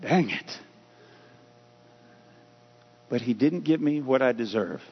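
A man preaching a sermon, telling folksy everyday stories and reading scripture slowly and deliberately. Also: mid-range voice, animated, slightly rough. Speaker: pastor. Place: church sanctuary. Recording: muffled sound in a long-reverb hall.

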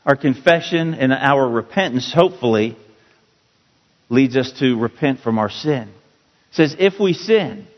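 A man teaching a Bible passage as a pastor, slow and emphatic, repeating key words for his listeners. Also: medium pitch, animated. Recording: dull, roomy hall sound.

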